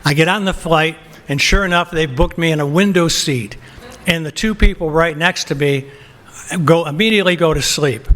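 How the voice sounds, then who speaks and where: A man's voice: on the high side, normal speed, a bit bright. An older man presenting an award, telling a long comic anecdote and acting out the quotes with laughter. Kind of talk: anecdote at a banquet podium.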